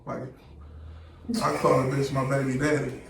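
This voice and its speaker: A man in his thirties talks in a gravelly voice, blunt and profane, as a podcast guest. He often slips into quoting other people mid-story. The room is echoey, with a faint hiss underneath. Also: mid-range voice, little pitch movement, moderate pace. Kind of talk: casual podcast chat.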